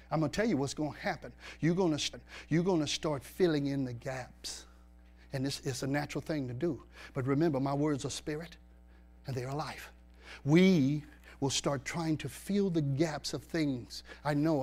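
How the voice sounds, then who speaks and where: A man's voice: on the high side, a little mellow. A male pastor preaching a sermon in a church, pressing the congregation with rhetorical questions and emphatic repetition.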